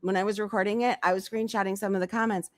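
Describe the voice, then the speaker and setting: A woman's voice: mid-range voice, fairly even intonation, rapid-fire, no room sound. A woman hosting a casual commentary livestream, talking bluntly and repeating her points for emphasis.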